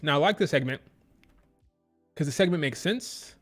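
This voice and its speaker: Male stream host, fairly high voice, animated and opinionated, hammers each point home by repeating it. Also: normal speed, pauses often, soft background music. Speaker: wrestling show reviewer. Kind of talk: live-stream commentary.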